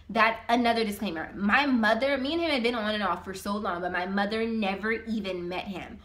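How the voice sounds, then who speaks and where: A young woman vlogger telling a personal story in a casual, animated, slangy way. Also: mid-range voice, moderate pace.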